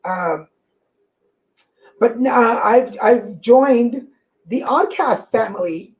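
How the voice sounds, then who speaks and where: A woman with a slight Mexican accent, hosting a livestream tarot show and chatting casually and excitedly to viewers, often restarting her sentences. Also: a little high, measured pace, rough recording. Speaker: livestream tarot reader host. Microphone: corded mic.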